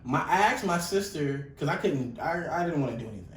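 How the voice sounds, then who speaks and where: A young man co-hosting a podcast, telling a story in casual chat, animated and profane, loudly acting out the quotes. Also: a little high, brisk, far from the mic. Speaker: podcast co-host. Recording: echoey room, voice off-mic, faint noise.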